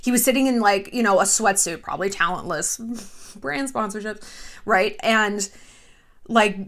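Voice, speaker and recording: A woman hosting a casual chat show, talking in an animated, gossipy way and swearing freely. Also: medium pitch, measured pace. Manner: animated, gossipy and frequently profane. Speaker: host.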